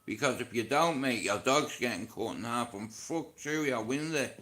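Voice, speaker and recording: Irish man, live streaming on his phone at home, bright and sharp-toned voice, crude and sarcastic storyteller who does all the voices. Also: mid-range voice, normal speed, a little hiss or hum. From Ireland. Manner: animated, profane, sarcastic storyteller acting out both sides. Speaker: livestream host.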